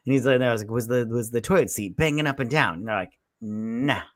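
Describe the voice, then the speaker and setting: A man's voice: mid-range voice, fast talker, dry recording, studio quality. A man co-hosting a casual movie review chat, rambling and retelling scenes with a lot of "he's like.". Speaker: movie review podcast co-host.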